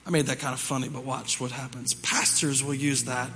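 A man's voice: mid-range voice, little pitch movement, brisk, creaky, pushed and bright, slight background noise. Male pastor, conversational sermon, repeats lines for emphasis; reverberant church hall. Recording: reverberant hall with music behind.

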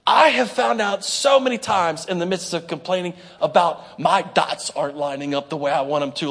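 An animated male pastor delivers a sermon in a fairly high voice. He breaks into whiny complaining prayers and calls for responses from his congregation. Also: normal speed, hardly any pauses. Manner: talks straight to the congregation with call-and-response.

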